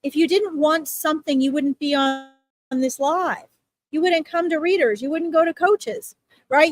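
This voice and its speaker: A woman's voice: high-pitched, expressive, moderate pace, no echo. A woman hosting live psychic readings, talking casually and reassuringly to her viewers, with frequent okays and ums. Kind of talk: casual livestream talk to viewers.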